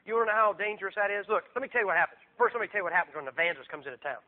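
A man preaching a revival sermon as a visiting evangelist, emphatic and swinging between loud and hushed. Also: high voice, lively intonation, racing. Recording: tinny phone-like recording.

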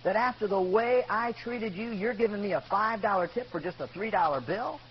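A man's voice: sits high, brisk, natural voice. A man preaching, briefly voicing a sarcastic, overworked waitress in a story. The recording is dull and lo-fi, with a faint hum. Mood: sarcastic, exasperated. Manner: sarcastic, exasperated. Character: irritable, overworked adult woman waitress.

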